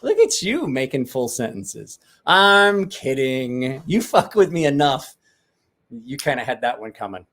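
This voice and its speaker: A man's voice: medium pitch, very animated, a little slow, fairly bright tone. A man casually chatting with viewers on a livestream, joking, rambling and swearing freely. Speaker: livestream host.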